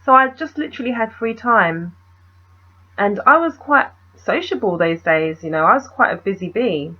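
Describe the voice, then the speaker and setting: A woman's voice: medium pitch, lively intonation, normal speed, lo-fi sound. A young woman, telling a story in a casual, rambling vlog and asking the viewer questions.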